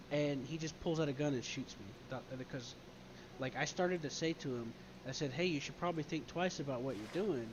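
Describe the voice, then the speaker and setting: A man chatting casually, recounting a game scene in an animated way, swearing often and acting out quoted lines. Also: medium pitch, noisy background. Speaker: streamer in role-play game.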